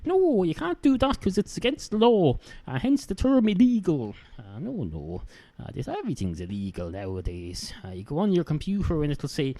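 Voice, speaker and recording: Rambling Irish man, lively pitch. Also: brisk. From Ireland. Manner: rambling, full of "uh" fillers and mock rants. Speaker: podcast host. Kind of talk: rambling comic monologue. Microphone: handheld microphone.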